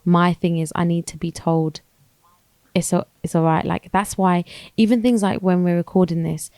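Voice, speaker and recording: Woman co-host, low with a gravelly edge; loose rambling chat. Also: fairly even intonation, moderate pace, warm tone, no room sound. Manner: rambling, thinking aloud with restarts. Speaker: podcast co-host. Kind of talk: casual chat.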